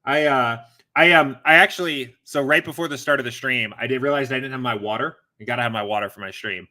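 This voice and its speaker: A man's voice: medium pitch, quick pace, pushed and bright. A man hosting a casual live-stream Q&A from home, a little out of breath, rambling with lots of fillers and self-corrections. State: slightly out of breath. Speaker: host of a fantasy sports Q&A stream.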